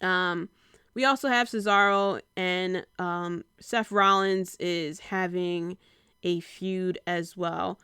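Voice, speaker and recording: Woman with a very smooth, dry voice. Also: on the low side, steady tone, pushed and bright, dry recording. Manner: rambling, with frequent filler pauses. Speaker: wrestling podcast host. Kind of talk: casual solo recap.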